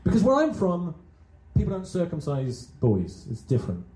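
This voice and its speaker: Male stand-up, raunchy and self-mocking, lively pitch, echoey small venue. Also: normal speed. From England. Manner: rambling, self-deprecating, crude, talks back to a small audience. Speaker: stand-up comedian. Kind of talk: stand-up comedy set. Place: small comedy venue with few people.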